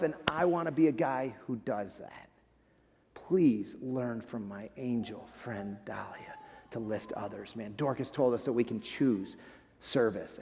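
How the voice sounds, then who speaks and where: A gravelly, slightly high, somewhat mellow male voice belongs to a guest preacher giving a heartfelt, conversational sermon. He keeps addressing the congregation as "friends" and "man." The church sanctuary adds a large hall's long reverb.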